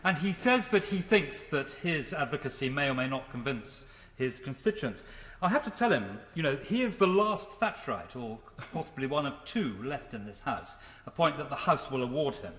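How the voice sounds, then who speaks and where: A man's voice: medium pitch, big pitch swings, moderate pace, fairly bright tone. A man making a teasing, jocular intervention in a parliamentary debate. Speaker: member of parliament. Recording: echoey chamber with long reverb.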